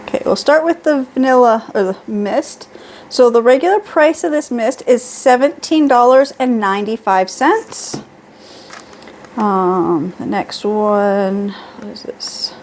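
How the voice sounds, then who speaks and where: A middle-aged woman with a fairly high voice talks her way through a shopping haul at home. She reads out labels and prices in a chatty, easygoing way. A faint hum sits under her voice. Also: unhurried, a little mellow. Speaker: beauty vlogger. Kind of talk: casual product haul.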